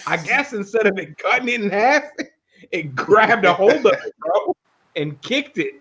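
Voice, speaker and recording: A man's voice: high voice, sharp tone, husky. Detroit-raised guy, laughs a lot, cusses freely, kinda muffled lo-fi mic. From Detroit area. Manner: storytelling, laughs often, swears freely. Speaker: podcast host. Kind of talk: casual chat.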